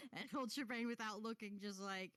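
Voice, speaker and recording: A woman narrating as game master in a halting, giggly way with lots of fillers. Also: on the high side, a bit bright, no echo.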